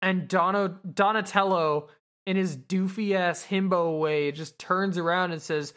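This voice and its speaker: A woman's voice: fairly low pitch, steady tone, unhurried, clear, resonant tone. A woman podcast host casually recapping an anime episode, rambling and swearing with lots of fillers.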